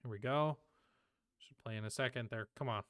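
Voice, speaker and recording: A man's voice: medium pitch, fairly quick, fairly bright tone, no room sound, clean studio sound. A young man co-hosting a casual podcast, laid-back and laughing often as he plays clips. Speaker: podcast co-host.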